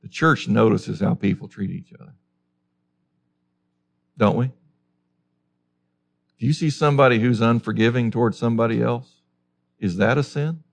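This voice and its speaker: A man's voice: on the low side, gravelly. A man preaching a sermon as a pastor, emphatic and full of rhetorical questions.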